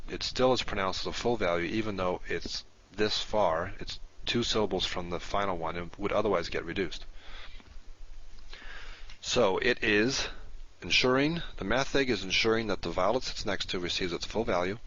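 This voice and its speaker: A man teaching a Hebrew grammar lesson, explaining patiently and slowing down to stress key words. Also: low-pitched, sharp tone, highs cut off. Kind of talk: online language lesson.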